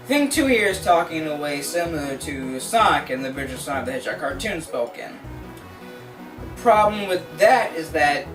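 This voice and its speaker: Sarcastic comic reviewer, man, animated delivery, distant roomy mic. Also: fairly high pitch. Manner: sarcastic, mocking asides. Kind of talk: comedic review narration.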